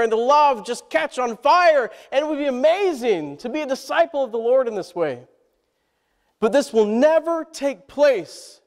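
A man's voice: sits high, darkish tone. A male pastor, preaching a sermon and asking the congregation to answer back. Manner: call-and-response preaching, asks the congregation questions. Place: church sanctuary. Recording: long church hall reverb.

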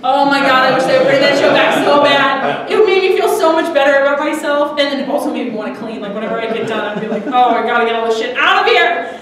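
Talking fast in a high voice, a young woman does a chatty, giggly comedy set at a small restaurant, cursing without restraint. Crowd noise and audience reactions fill the echoey room, picked up by a distant mic.

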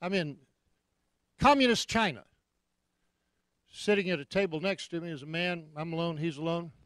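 Man preaching with animated storytelling. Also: fairly high pitch, moderate pace, no room sound. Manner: animated storyteller, repeats punchlines. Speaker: guest preacher. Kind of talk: anecdotal sermon. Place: church.

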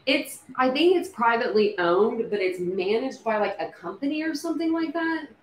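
A woman hosting a casual livestream, thinking out loud with many fillers and restarts. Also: a little high, lively intonation, moderate pace. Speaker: true crime livestream host. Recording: echoey room with faint background noise.

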